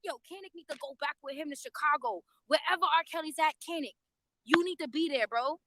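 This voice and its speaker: A woman on a casual live stream, talking straight to her viewers in an animated, profane way, recorded on a phone near a courthouse overflow room. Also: very high-pitched, fairly quick, noisy background. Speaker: YouTube livestreamer.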